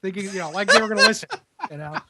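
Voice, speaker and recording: A man with a somewhat high voice tells a story in a casual, rambling way. He fills his talk with fillers and restarts and laughs at his own tale as he goes. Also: very fast, sharp tone, slight background noise. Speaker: broadcast engineer guest.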